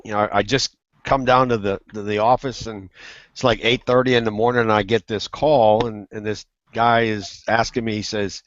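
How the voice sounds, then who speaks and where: A man telling a funny business story on a web hangout, animated and acting out the quoted voices. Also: lowish voice, normal speed, no room sound. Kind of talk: casual storytelling. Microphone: video call. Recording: muffled web call audio.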